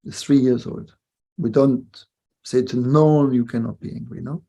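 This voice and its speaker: A man's voice: mid-range voice, flat delivery, normal speed, vocal fry, mellow, slightly rough. An older man giving a spiritual webinar talk, reflective, often ending points with short questions to listeners. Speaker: spiritual teacher. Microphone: video call mic.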